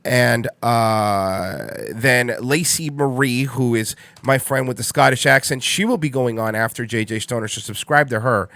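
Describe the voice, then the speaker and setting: A man in his thirties rambles through casual chat as a livestream host, repeating lines and swearing without a second thought. His middle-pitched voice sits on a close mic in a dry, dead room. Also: measured pace, hardly any pauses, a bit bright, no echo. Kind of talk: casual solo stream chat.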